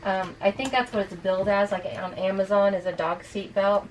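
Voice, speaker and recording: A woman's voice: mid-range voice, fairly even intonation, fairly quick, far from the mic, low-quality recording. A chatty woman walks through her motorhome for a vlog, explaining features as she shows them. She sits a little away from the mic, and faint ambient noise runs underneath. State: out of breath. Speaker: RV vlogger. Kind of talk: casual walkthrough of a motorhome.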